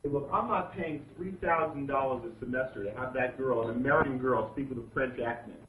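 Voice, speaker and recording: A man's voice: medium pitch, fairly quick, lightly acted. An actor playing a stern, controlling husband and father in a 1970s film, speaking bluntly. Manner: domineering, blunt. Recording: far echoey lo-fi film audio with hiss.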